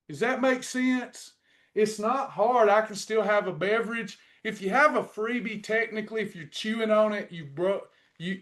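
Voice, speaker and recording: The voice is a man's, high-pitched with a fairly bright tone. He is a middle-aged weight-loss program coach leading a faith-based lesson, encouraging his class in a preachy, repetitive way.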